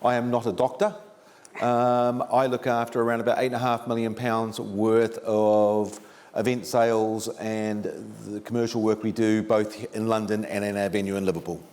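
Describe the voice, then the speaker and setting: A man's voice: lowish voice, level tone, moderate pace, a little mellow, in a large hall. A man with a New Zealand accent introducing himself on a conference panel in a dry, matter-of-fact way. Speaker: panelist, events director.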